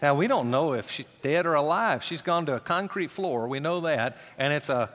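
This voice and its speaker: A middle-aged pastor preaching a sermon, swinging from raised, animated passages to low, hushed emphasis, with quoted voices acted out in conversational asides. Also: male voice, moderate pace, in a large hall, slight background noise.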